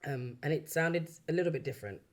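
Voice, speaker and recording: A London woman in her early forties, a backing singer and songwriter, telling stories from her career in a relaxed interview, acting out quoted voices and laughing often. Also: deep voice, fast. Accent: London English. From London, England. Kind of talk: casual chat.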